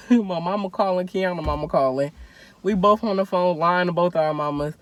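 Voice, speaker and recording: A young woman telling a story in casual chat while eating, animated, acting out quotes and laughing often. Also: lowish voice, normal speed. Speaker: co-host.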